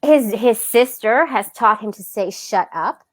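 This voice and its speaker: A woman, co-hosting a casual podcast chat, telling animated stories and acting out her toddler. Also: on the high side, normal speed. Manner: animated storytelling, laughs often, acts out her toddler. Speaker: podcast co-host.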